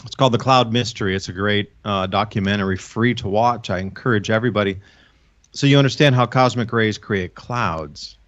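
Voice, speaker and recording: A man's voice: fairly low pitch, fairly quick, a bit bright, muffled recording. A man giving a long, earnest, rambling explanation as a guest on a casual talk show, often restarting his sentences. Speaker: guest, online channel host. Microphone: own microphone.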